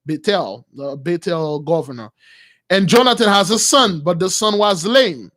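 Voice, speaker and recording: A man preaching, retelling a Bible story in loose slangy talk and acting out the characters with shouts and laughs. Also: sits high, lively intonation, a little slow.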